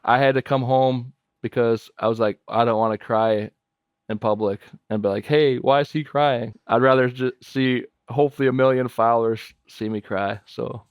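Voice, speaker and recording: A man's voice: mid-range voice, steady tone, normal speed, smooth, no room sound, muffled recording. A man guesting on a podcast, speaking earnestly and a little rambling, repeating his main points. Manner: heartfelt, rambling, repeats key phrases. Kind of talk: earnest personal sharing.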